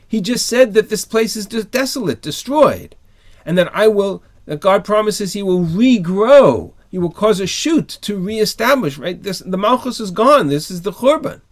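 Animated man teaching an online class. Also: high voice. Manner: emphatic, asks rhetorical questions and answers them. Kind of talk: online text-study class.

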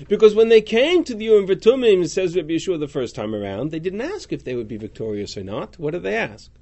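Male teacher, higher voice, animated and lively, reading passages aloud and explaining them. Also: brisk. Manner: animated, reads Hebrew and Aramaic then translates. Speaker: Talmud class teacher. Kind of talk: text study class.

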